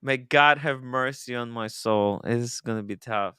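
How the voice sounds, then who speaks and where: A man's voice: mid-range voice, measured pace, pushed and bright, smooth, no room sound, clean studio sound. A man hosting a casual livestream chat, playful and exclaiming, laughing often. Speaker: show host.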